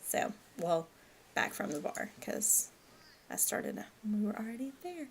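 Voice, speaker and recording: A woman's voice: mid-range voice, big pitch swings, unhurried, gravelly, breathy edge. A woman giving casual let's-play commentary, chatty and apologetic, often laughing at herself. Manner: chatty, apologetic, giggly asides. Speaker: gameplay commentator.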